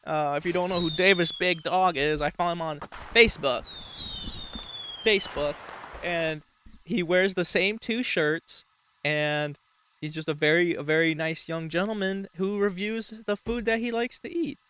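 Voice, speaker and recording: A man's voice: high-pitched, normal speed, bright, forceful tone, smooth. A man hosting a show, talking in a rambling, mock-serious casual way with frequent swearing. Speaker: show host. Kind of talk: casual comedic commentary.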